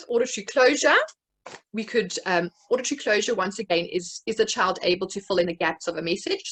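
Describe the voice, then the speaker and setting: A woman's voice: mid-range voice, fairly bright tone, breathy edge, rough recording. South African woman presenting a workshop. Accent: South African English. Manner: explanatory, gives classroom examples with fillers. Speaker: speech-language therapist presenting a workshop. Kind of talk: educational webinar presentation.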